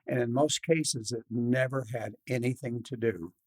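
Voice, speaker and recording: A middle-aged man hosting a podcast interview, talking in an animated way and acting out quoted patients. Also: medium pitch, unhurried. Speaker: podcast host. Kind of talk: casual interview talk.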